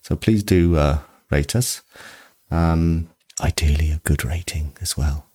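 A woman co-hosting a podcast in casual chat, easygoing and supportive, often pausing with "um". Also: rumbling low, warm tone, slightly rough. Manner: easygoing, supportive, fills gaps with um. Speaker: podcast co-host.

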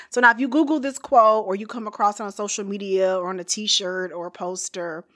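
A woman's voice: medium pitch, fairly bright tone. A woman hosting a podcast, casually telling a history story with playful, chatty asides and frequent laughter.

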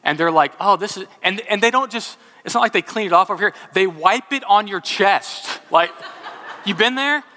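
Bright-voiced preacher in a reverberant hall. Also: male voice, high-pitched, moderate pace. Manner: animated storytelling that drops to hushed, solemn scripture reading. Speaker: pastor. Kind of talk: sermon.

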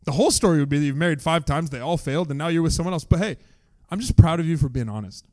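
A man voicing Jesus as a gentle, kind man who speaks softly and affirmingly. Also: on the high side, animated, fairly quick, natural voice.

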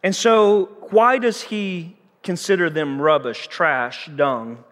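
A man's voice: high voice, slow, a bit bright, long reverb tail. A man preaching a sermon as pastor, emphatic and conversational, repeating words for stress and mixing in light humor.

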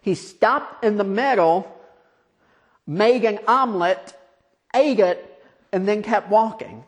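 A man preaching a conversational, storytelling sermon, asking his listeners questions and dropping quiet for emphasis. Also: high voice, takes it slowly.

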